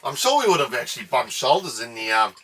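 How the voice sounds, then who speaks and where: South African man, 30s, rambling co-host, bright, slightly distant mic. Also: medium pitch, big pitch swings, fast talker, a little hiss or hum. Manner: jokey and rambling. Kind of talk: casual chat.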